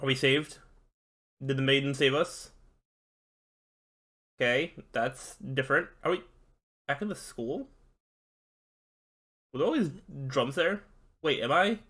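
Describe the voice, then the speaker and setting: A man's voice: medium pitch, a little slow, long pauses, fairly bright tone, faint music behind. A man streaming a game, reading all the characters' lines aloud himself and breaking off to react. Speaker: gameplay streamer. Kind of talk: reading game dialogue aloud while playing.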